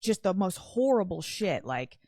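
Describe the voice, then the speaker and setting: A woman's voice: mid-range voice, big pitch swings, a little slow, dark tone, no echo, clean studio sound. A young woman telling a personal story in casual talk, rambling with lots of "like" and swearing. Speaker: podcast guest.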